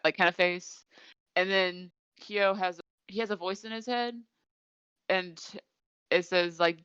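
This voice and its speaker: Woman podcast cohost rambling thru an episode recap, lowish voice, kinda dull lo-fi sound. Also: fairly even intonation, slow, a bit bright, clear, resonant tone, dry recording. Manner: rambling retelling, many "like" fillers. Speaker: podcast co-host. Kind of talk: casual anime episode recap.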